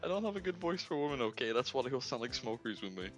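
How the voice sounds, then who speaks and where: A man's voice: mid-range voice, sing-song, fast talker, faint music behind. A man co-streaming a game, chatting and joking casually. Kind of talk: casual let's-play banter.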